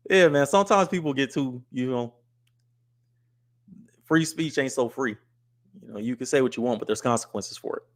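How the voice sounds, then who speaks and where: A man's voice: medium pitch, unhurried, pauses often. A man from the US West Coast hosting a live stream, talking casually and bluntly, scolding viewers and reading their comments aloud. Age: adult with wife and kids. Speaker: livestream host.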